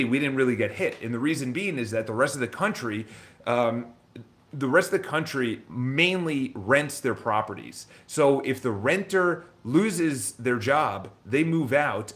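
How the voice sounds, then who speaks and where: A man casually telling a personal story to the camera. He talks in an animated way, acts out the other people's lines, often restarts his sentences, and swears now and then. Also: medium pitch. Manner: animated retelling, acts out dialogue, frequent restarts. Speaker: real estate vlogger.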